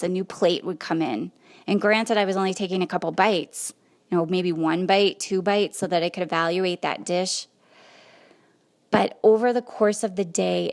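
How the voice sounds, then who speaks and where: A woman hosting a podcast, telling a personal story in a conversational, animated way. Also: mid-range voice. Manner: conversational, animated retelling with quoted asides. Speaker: podcast host.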